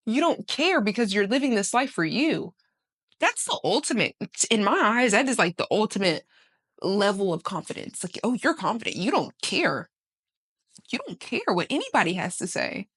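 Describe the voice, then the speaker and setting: A woman in her twenties giving casual motivational talk to camera, emphatic and animated, swearing casually and laughing often. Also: mid-range voice, normal speed, slightly rough. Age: 20s. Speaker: vlogger.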